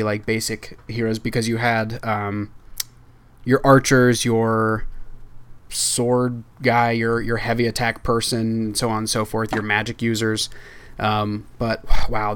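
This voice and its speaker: An excitable young man rambles through a casual podcast chat, laughing often and tumbling from one thought to the next. His pitch sits in an ordinary middle range. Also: clear, resonant tone. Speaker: podcast host.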